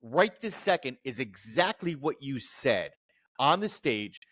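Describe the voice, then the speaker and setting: A man's voice: medium pitch, sing-song, unhurried, fairly bright tone, no room sound. A man in his fifties from New Jersey hosting a casual chat, reminiscing animatedly and laughing often. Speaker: podcast host.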